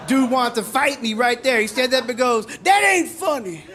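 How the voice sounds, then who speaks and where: A man's voice: extremely high pitch, noisy background. A middle-aged man doing a stand-up comedy set on stage, delivering punchlines conversationally. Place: comedy stage before a live audience. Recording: live stage mic with loud crowd laughter.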